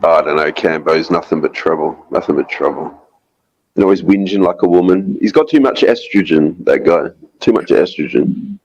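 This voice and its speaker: Deep husky crude-joking man. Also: moderate pace, a little mellow, muffled recording. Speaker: stream panelist. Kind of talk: casual panel chat.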